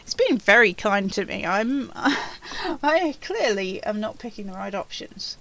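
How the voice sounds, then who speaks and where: A woman's voice: mid-range voice, very animated, measured pace, a bit bright. A woman doing a let's play, reading game text aloud and musing over her choices. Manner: musing, chatty. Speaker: let's player.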